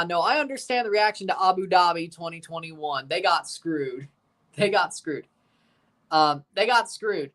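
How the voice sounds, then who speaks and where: A man's voice: high voice, bright, forceful tone. A man hosting a live watchalong, chatting casually in a rambling, sarcastic way and swearing freely. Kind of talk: casual live reaction chat.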